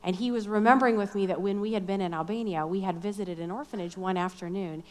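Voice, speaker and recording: A woman's voice: medium pitch, fast. A middle-aged woman telling a personal story in a chatty, self-deprecating way at a Christian conference. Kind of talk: storytelling sermon talk. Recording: long hall reverb.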